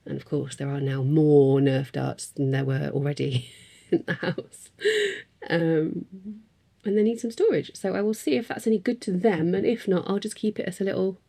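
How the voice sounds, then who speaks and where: A woman's voice: sits low, normal speed, creaky, warm tone. A woman in a casual craft vlog, chatting in a rambling way with frequent ums and little laughs. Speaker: craft vlogger. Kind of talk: casual chat.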